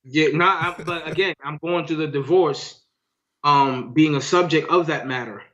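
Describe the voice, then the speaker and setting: A man's voice: fairly high pitch, normal speed, a bit bright. A man co-hosting a podcast in casual chat, slangy. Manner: slangy, calls listener "son" and "B". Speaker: podcast co-host. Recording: dull lo-fi sound.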